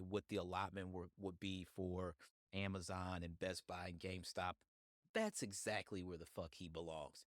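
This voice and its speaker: A man's voice: sits low, no echo, clean studio sound. A man hosting a solo podcast, giving heated, profane opinions on the news. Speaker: podcast host.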